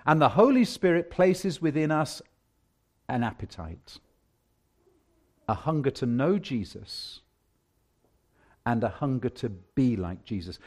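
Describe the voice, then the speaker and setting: A male preacher giving a sermon, with emphatic preaching that swings from hushed lines to loud declarations. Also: medium pitch, sing-song, slow, long pauses.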